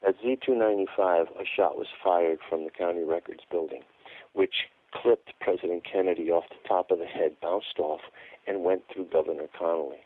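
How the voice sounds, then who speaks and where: A man's voice: low voice, normal speed. A man as a radio guest, telling his account emphatically and repeating words for stress. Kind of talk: phone-in radio interview. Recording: tinny phone line.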